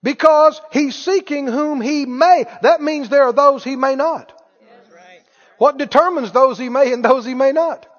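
A man's voice: very high voice, measured pace. A man preaching a sermon, emphatic, firing questions at the congregation. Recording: muffled hall recording with long reverb.

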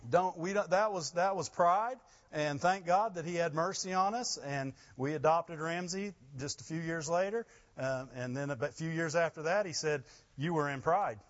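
Animated preaching man, lo-fi. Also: a little high, normal speed. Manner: animated, rising to loud emphasis and laughing asides. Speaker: pastor. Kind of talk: sermon.

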